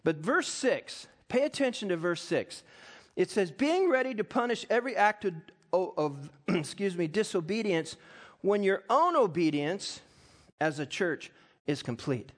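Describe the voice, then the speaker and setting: A middle-aged male pastor preaching a sermon, reading scripture and telling stories that build into loud, impassioned peaks. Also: high voice, big pitch swings, unhurried.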